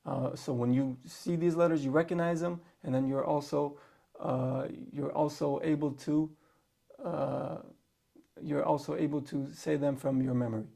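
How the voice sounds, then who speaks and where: Guy teaching letters, gravelly voice, a bit high, repeats sounds over and over. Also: steady tone, normal speed, dark tone. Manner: patient, repeats sounds for practice. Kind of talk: spoken lesson.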